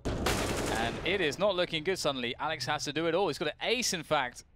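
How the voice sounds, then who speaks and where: A man doing play-by-play commentary on an esports match, building excitement as the action unfolds. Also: on the high side, a little fast, background noise.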